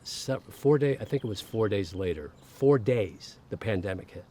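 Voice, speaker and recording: A man's voice: lowish voice, lively intonation, moderate pace, dark tone, slight background noise. A middle-aged man telling a personal story as a podcast guest in a casual interview, candid and swearing freely, acting out the voices of the people he quotes.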